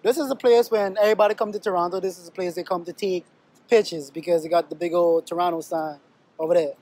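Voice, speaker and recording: A man's voice: high voice, steady tone, quick pace, darkish tone. A man co-hosting a vlog, narrating outdoors in a laid-back, joking way. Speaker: vlog co-host. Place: city square outdoors.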